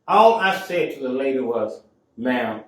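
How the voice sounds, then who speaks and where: A man's voice: mid-range voice, animated, unhurried. A man hosting his own talk show, telling a story casually with emphatic turns. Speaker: show host. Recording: echoey room, mic at a distance.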